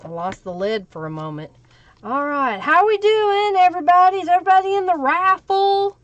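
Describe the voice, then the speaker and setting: A woman's voice: extremely high pitch, lively intonation, fairly quick, lo-fi sound. A woman with an Oklahoma Southern accent hosting a live crafting stream, chatting casually and answering viewer comments as she works. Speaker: livestream crafting host.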